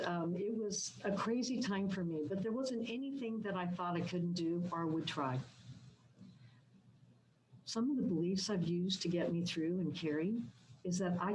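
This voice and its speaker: Chatty woman telling her story, low voice. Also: a little hiss or hum, rough recording. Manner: chatty, with restarts and rises and drops in loudness. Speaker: business owner.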